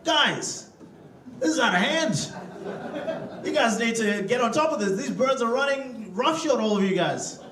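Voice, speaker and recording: A stand-up comedian from Africa, loose and profane, chatting with the crowd in a comedy club. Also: male voice, extremely high pitch, animated, normal speed. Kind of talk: stand-up routine. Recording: roomy hall, distant mic, crowd laughter. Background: audience laughter.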